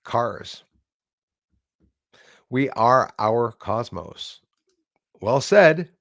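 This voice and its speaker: A man's voice: mid-range voice, animated, extremely slow, fairly bright tone, no echo, studio quality. A man hosting a live stream, chatting casually and jokingly with viewers, rambling with many fillers and restarts. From Canada.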